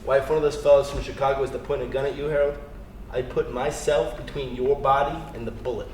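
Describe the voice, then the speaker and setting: An actor playing a volatile, profane young male street thug in a live stage play, brash and quick to laugh. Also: medium pitch, steady tone, a little mellow, lightly acted. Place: theater stage. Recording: roomy stage, distant mic, faint hiss.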